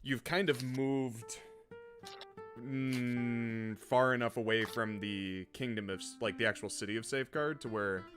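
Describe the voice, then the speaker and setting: A young man narrating a tabletop game as game master, relaxed and rambling, laughing often. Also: medium pitch, measured pace. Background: background guitar music.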